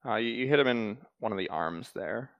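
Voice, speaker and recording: A man running a tabletop game as game master, explaining rules and narrating in a calm, matter-of-fact way. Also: lowish voice, a little fast, dry recording, lo-fi sound.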